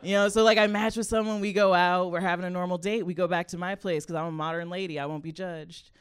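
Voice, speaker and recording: Woman comedian, young adult, comedic storytelling, animated and chatty, smooth resonant voice. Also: fairly low pitch, fast. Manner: animated, chatty, often laughing, frequent "like" fillers.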